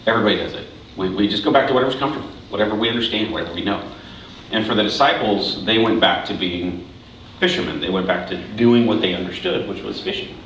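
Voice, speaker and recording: A man's voice: fairly low pitch, fast, fairly bright tone, far from the mic. A man giving a casual, conversational sermon as pastor, often restarting and checking in with "right?" asides. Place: church hall. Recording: very echoey hall, voice from afar, faint hiss.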